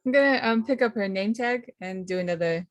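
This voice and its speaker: A woman's voice: mid-range voice, a little fast, dull audio. A woman playing a tabletop game in character, giggly and hesitant. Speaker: player.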